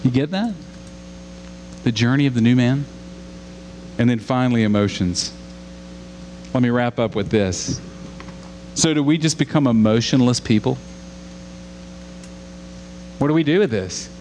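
A man delivers a sermon in a middle-pitched voice, swinging from urgent, dramatic readings of scripture to slow, quiet prayer. A faint hum sits under the recording. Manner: animated preaching, dramatic when voicing scripture, then prayerful. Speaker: pastor.

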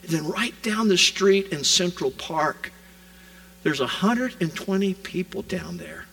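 A man preaching a sermon, retelling scripture as a vivid modern scene, rising loud and dropping to a hush. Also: sits high, measured pace, gravelly, low-quality recording. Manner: animated storytelling preacher, swings from loud to hushed. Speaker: pastor.

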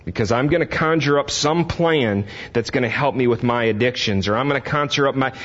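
A man's voice: medium pitch, brisk, fairly bright tone. An older man preaching a sermon as pastor, talking plainly to his congregation and climbing to impassioned emphasis. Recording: dull lo-fi sermon recording.

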